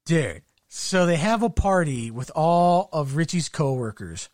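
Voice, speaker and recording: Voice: medium pitch, very animated, a little slow, darkish tone, no room sound. A co-host recapping a show in casual chat, rambling and swearing freely. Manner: rambling, profane storytelling with frequent "like" and restarts. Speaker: podcast co-host.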